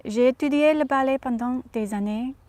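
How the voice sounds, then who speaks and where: A woman impersonating a gracious 1950s film star, reading an interview answer in careful, halting French. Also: high-pitched, a little mellow, dry recording, close to an everyday voice. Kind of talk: reading an interview aloud in character.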